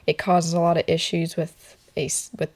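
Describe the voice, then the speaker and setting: Young woman, low-ish voice, soft and halting, lots of filler words, personal story, artist's studio. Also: flat delivery. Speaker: portrait model interviewee.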